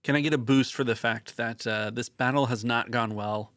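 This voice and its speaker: Man, tabletop player, relaxed, thinking aloud, dry close mic. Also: medium pitch, normal speed, no echo. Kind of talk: casual tabletop play.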